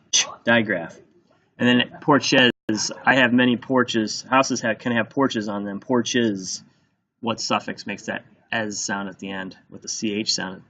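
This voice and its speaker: A male teacher gives a spelling test at a very slow, careful pace. He sounds out each word piece by piece and repeats it. The recording is dull and lo-fi. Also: mid-range voice, fairly bright tone. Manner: sounds out words slowly and repeats them.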